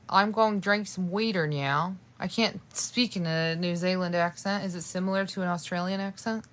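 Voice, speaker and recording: Lying in bed in her bedroom at night, a sleepy young woman livestreams a late-night chat from her phone, rambling and swearing casually. Her voice is on the low side, at a moderate pace.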